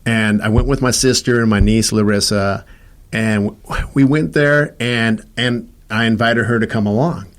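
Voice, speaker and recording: Lowish-voiced man telling his story. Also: fairly even intonation, normal speed. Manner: acts out quoted dialogue, many restarts. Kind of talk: casual storytelling interview.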